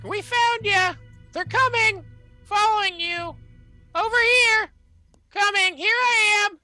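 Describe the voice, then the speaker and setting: Crow flock, squawking way up high, loud and piercing, faint music underneath. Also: male voice, slow pace, exaggerated voice. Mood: frantic. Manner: shrill squawking chant. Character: flock of chattering excited crows.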